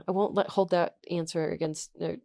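A young woman co-hosting a podcast in casual chat, an animated storyteller who acts out what people said. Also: on the low side, brisk, vocal fry, no room sound. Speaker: podcast co-host.

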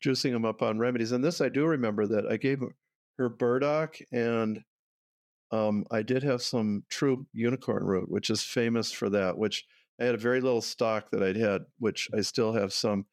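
An older man, a guest herbalist, telling stories in a relaxed way and often laughing. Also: mid-range voice, normal speed, no room sound, clean studio sound. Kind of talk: conversational interview.

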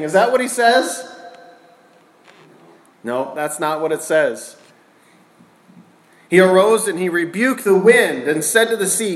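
Man, pastor, sermon, higher voice, questions to the congregation, echoey church room. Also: lively intonation, a little slow. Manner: asks the congregation questions, swings between loud and hushed.

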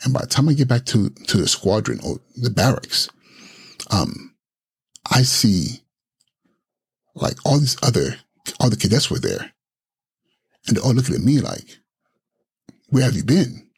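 A man's voice: mid-range voice, animated, unhurried, vocal fry, long pauses, breathy edge. A man from Nigeria, a podcast host, dramatically telling a scary personal story from his childhood, repeating words and restarting his sentences as he goes. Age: adult.

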